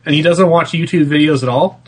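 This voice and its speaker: A man's voice: fairly high pitch, a little fast, slightly rough. A man on a casual gaming podcast, joking around with crude banter. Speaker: podcast co-host.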